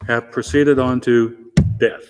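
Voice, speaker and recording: A man from Arkansas with a softened Southern accent, a guest explaining things in a measured way with dry wit. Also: medium pitch, flat delivery, clean tone, big-room sound, soft background music. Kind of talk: interview answers.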